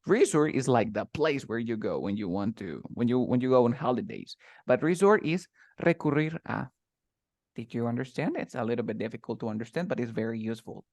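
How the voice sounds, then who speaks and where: A man's voice: medium pitch, lively intonation, fairly quick, darkish tone, no echo. A man teaching English, patiently explaining words and stress while switching between English and Spanish. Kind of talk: bilingual English lesson.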